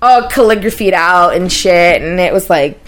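A woman's voice: on the low side, animated, moderate pace. A woman in her thirties co-hosting a podcast, telling a rambling, profane story in casual chat. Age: 30s. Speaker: podcast co-host.

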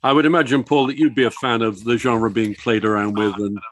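A man's voice: mid-range voice, steady tone, fairly quick. A man hosting a casual book discussion and steering it with questions. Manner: leads with questions, chatty and inquisitive. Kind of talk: casual chat.

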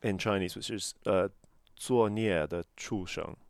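A man's voice: sits low, unhurried, vocal fry, no echo, studio quality. A man co-hosting a podcast, explaining a classic novel in a careful, explanatory way. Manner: explanatory, careful, pronounces Chinese terms. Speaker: podcast co-host. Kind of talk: casual book discussion.

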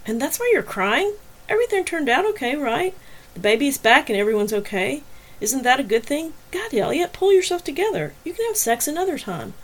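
A woman's voice: on the high side, sing-song, normal speed, few pauses. A woman voicing an adult sister who presses the heroine with insistent, exasperated questions in an audiobook reading. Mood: pressing.

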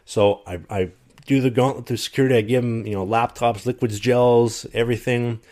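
A man telling a long story in casual conversation, animated, and acting out what other people said. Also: mid-range voice, fairly quick. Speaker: guest telling a travel story.

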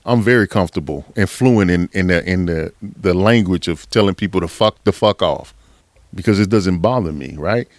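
A man delivers a motivational podcast monologue in a low, dry voice. He swears freely, presses his points over and over, and preaches with fired-up conviction. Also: moderate pace, dry recording. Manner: profane, fired-up preaching with frequent laughs. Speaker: podcast host.

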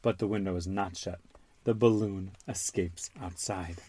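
A man hosting a podcast with his son, reading a children's storybook aloud in an animated, expressive way. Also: sits low, a little slow, no echo.

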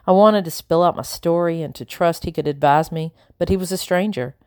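A woman narrating a novel in the first person, measured and unhurried. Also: lowish voice, a little mellow, clean tone, dry recording, clean studio sound. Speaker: audiobook narrator.

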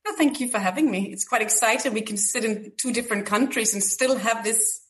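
A woman's voice: fairly high pitch, fairly quick, a bit bright. A woman from Denmark with a Danish accent touched with Irish, speaking as a friendly podcast guest. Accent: Danish, with a slight Irish touch. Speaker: podcast guest, parenting coach. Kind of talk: casual conversation.

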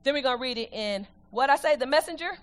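A woman preaching with a high, bright voice that leaps up and down. She drives her points home with emphatic bursts, then slows right down to read scripture line by line with the congregation. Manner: lively preaching, reads scripture slowly with the congregation. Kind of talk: sermon.

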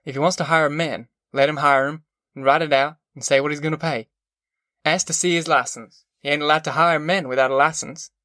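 A man's voice: a little high, fairly even intonation, fairly quick, sharp tone, no room sound, clean studio sound. A man reading a story, voicing a defiant male migrant worker who speaks bluntly and challenges others. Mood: rousing.

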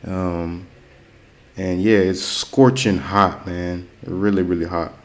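Laid-back low-voiced American man. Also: little pitch movement. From Florida, United States. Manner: chatty, slow and repetitive to explain words. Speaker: host teaching English. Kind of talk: casual language-learning monologue.

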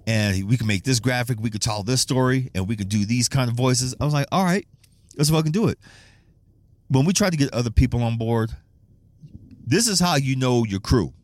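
A man's voice: mid-range voice, brisk, no room sound. A man hosting a casual solo podcast, rambling and swearing, laughing often and restarting his sentences. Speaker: podcast host.

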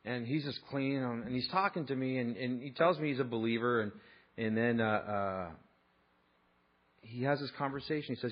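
A man's voice: mid-range voice, moderate pace, dull audio. A man preaching a sermon, conversational and emphatic, mixing scripture with personal stories. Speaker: pastor.

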